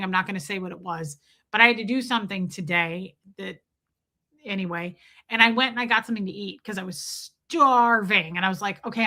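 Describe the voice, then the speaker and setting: A woman's voice: mid-range voice, pushed and bright. A woman with a Northern US accent chatting casually as a podcast host, rambling and restarting her sentences. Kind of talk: casual chat.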